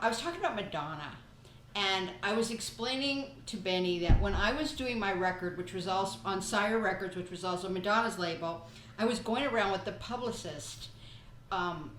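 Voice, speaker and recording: Animated chatty woman in an echoey room. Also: medium pitch, a little hiss or hum. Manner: chatty, rambling storytelling. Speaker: podcast host. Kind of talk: casual chat.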